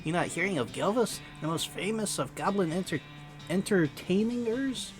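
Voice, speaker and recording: Here is a flashy male goblin showman with clumsy, broken grammar and a put-on accent, done by a man. The voice sits a little high and swings around with lively pitch. Faint game music plays underneath. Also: normal speed. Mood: boastful.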